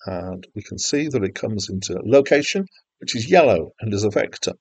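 Over a screen recording, a man walks through game development in a chatty, self-deprecating way, using filler words often. His voice sits on the low side, darkish and animated, at a moderate pace. The recording is dry and of poor quality.

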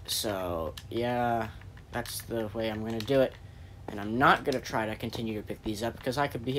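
A man's voice: medium pitch, moderate pace, fairly bright tone, a little hiss or hum. Brief: male gaming host, chatty rambling commentary, pun-happy, restarts his sentences, faint keyboard clicks behind. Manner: rambling, jokey, self-interrupting. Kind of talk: gameplay commentary.

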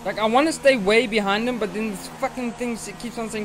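Fairly quick and with fairly even intonation, this high-voiced young man hosts a gaming channel and comments on his racing game. A rival driver has him frustrated, so he swears and rants at the opponent.

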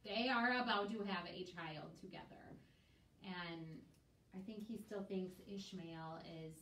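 A woman's voice: mid-range voice, measured pace, pushed and bright. A woman in a Bible study group, thinking aloud tentatively with hedges. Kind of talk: casual group discussion. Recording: distant echoey room mic with faint noise.

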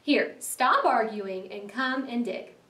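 A woman voicing a brisk, practical male water rat with a bossy, exclaiming manner, read aloud for a class. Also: fairly high pitch, expressive, pushed and bright, echoey room, far from the mic, exaggerated voice.

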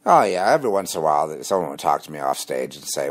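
A man hosting a rambling, combative monologue, dropping low and quiet when he confides. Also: sing-song, quick pace, hardly any pauses. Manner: rambling and combative, mocking laughs. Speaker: host. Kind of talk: spoken monologue on religion and conspiracy.

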